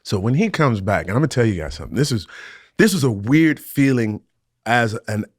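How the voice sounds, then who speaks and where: An animated man co-hosts a casual rewatch podcast and retells scenes from his own show with plenty of laughter. His voice sits at an everyday middle pitch. The sound is close and dry, with no room around it. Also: fairly quick, no room sound. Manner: animated storytelling, often laughing. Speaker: podcast co-host and actor looking back on his show.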